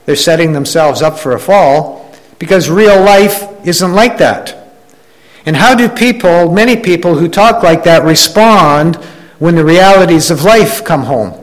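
Man, pastor, slightly high voice, conversational sermon, restarts phrases. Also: unhurried, rough recording. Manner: conversational preaching with frequent restarts and "you know"; acts out quoted complainers in a raised voice.

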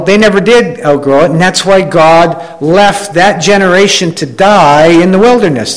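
A man with a slightly high voice preaches a sermon in an easygoing, conversational way. He talks it through with the congregation, often restarting his phrases. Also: rough recording. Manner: conversational preaching with frequent restarts and "you know"; acts out quoted complainers in a raised voice. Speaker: pastor.

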